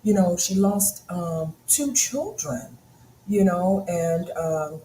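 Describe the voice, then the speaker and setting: A middle-aged woman co-hosting a casual talk, telling stories in an animated way and often laughing. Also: fairly low pitch, slow pace. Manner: animated storytelling with frequent laughter. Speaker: co-host. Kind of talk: casual chat. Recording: echoey room with faint noise.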